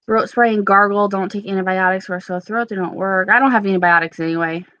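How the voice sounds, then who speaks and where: A woman's voice: medium pitch, fairly even intonation, fast, a bit bright, no echo, muffled recording. Stuffy-voiced young woman chatting on a live stream. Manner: chatty, answers viewers by name. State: sore throat, stuffy. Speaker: beauty YouTuber hosting a live stream. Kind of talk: casual live-stream chat reading comments.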